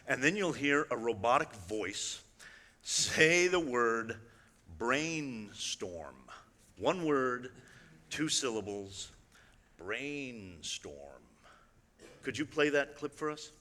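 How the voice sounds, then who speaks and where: Bright-voiced man talking in a big hall. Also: mid-range voice. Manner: chatty, wry, addresses the audience directly with frequent asides. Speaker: illusionist giving a talk. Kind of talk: conversational stage presentation. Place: large hall on stage. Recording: long hall reverb.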